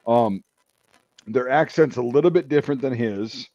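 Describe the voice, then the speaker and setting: A man's voice: medium pitch, normal speed, mellow, no room sound, dull audio. An American man hosting a casual chat, rambling with lots of fillers and some swearing. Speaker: podcast host.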